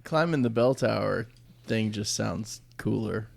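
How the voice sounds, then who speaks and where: A man talking as a player in a tabletop game, chatty and thinking out loud. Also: lowish voice, unhurried, vocal fry.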